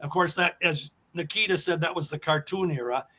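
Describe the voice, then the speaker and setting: A man's voice: fairly high pitch, fairly quick, pushed and bright. A man chatting casually about old wrestling, earnest and enthusiastic.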